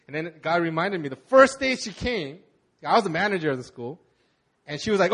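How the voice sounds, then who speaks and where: High-voiced young pastor, candidly preaching. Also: male voice, big pitch swings, a bit bright. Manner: candid, halting personal storytelling. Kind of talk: conversational sermon.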